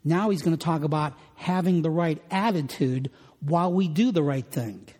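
A man's voice: on the high side, a little mellow. Male pastor preaching in a reverberant hall. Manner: deliberate, slows on scripture, repeats words. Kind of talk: sermon.

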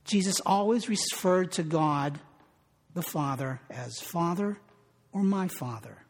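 A man's voice: fairly high pitch, animated, takes it slowly, vocal fry. A man preaching a sermon in an earnest way, repeating phrases for emphasis. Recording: long reverb of a large hall.

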